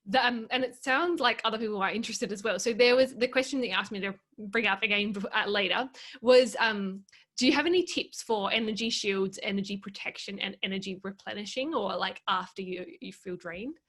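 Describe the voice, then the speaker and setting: A woman's voice: medium pitch, a little fast, fairly bright tone. A woman hosting an interview, speaking hesitantly with many fillers and agreeing with her guest. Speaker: interview host. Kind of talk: casual interview chat.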